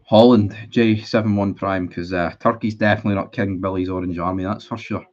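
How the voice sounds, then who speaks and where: A man's voice: low-pitched, fairly even intonation, a little fast, a little mellow. A man hosting a casual livestream, talking bluntly and rambling, swearing freely and restarting his sentences. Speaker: livestream host. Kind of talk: casual livestream chat reading viewer comments. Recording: dull lo-fi stream audio.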